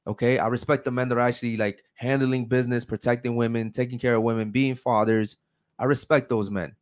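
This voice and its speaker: A man hosting a podcast in a blunt, combative way. He swears often and presses his guests with pointed questions. His voice sits at an ordinary pitch for a man. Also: steady tone, fairly quick. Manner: blunt, confrontational, profane. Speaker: podcast host. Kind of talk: heated podcast debate.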